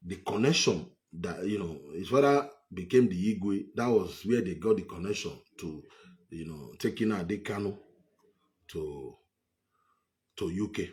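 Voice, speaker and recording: A man's voice: deep voice, expressive, unhurried, darkish tone. Emphatic Nigerian-accented man ranting. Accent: Nigerian English. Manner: repetitive, emphatic, scornful. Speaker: political commentator. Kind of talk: heated political monologue.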